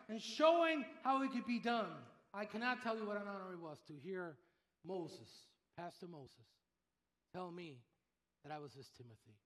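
A man's voice: very high voice, roomy sound. An older man preaching a sermon as pastor, telling stories and acting out the voices of the people he quotes. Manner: animated storyteller, acts out quoted voices.

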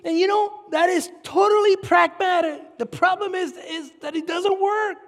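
A man preaching a sermon as pastor, animated, with sudden shouts and mocking put-on voices. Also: very high-pitched, moderate pace, in a large hall.

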